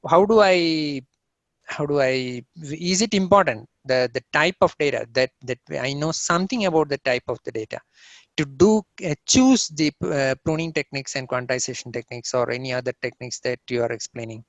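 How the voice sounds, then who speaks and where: A man's voice: mid-range voice, moderate pace, dry recording, highs cut off. A man asking long, rambling questions as a participant in a live Q&A, often restarting his sentences. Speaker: audience questioner.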